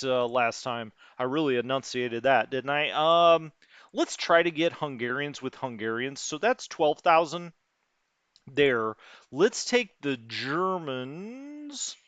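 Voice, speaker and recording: A man's voice: a little high, fairly bright tone, no room sound. A man streaming a strategy wargame, muttering through unit numbers and chatting with his live chat. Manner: thinks aloud, muttering over unit numbers.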